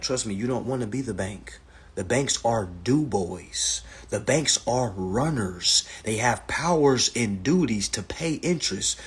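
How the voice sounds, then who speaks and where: Male livestream host, husky, blunt and profane, lecture-style. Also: lowish voice, expressive, a little slow. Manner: blunt, profane and lecturing, repeats "all right". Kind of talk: casual livestream talk. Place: indoors, livestream.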